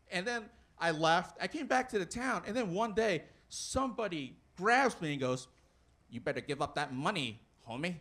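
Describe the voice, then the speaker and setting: A man's voice: extremely high pitch, fairly bright tone. A young man doing a stand-up comedy set, rambling with plenty of fillers and restarts. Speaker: stand-up comic.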